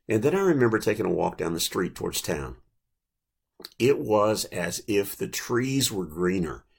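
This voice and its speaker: Older male preacher, gravelly and low-pitched, gentle reflective storyteller, sermon delivery. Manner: gentle, reflective storytelling with pauses and small restarts.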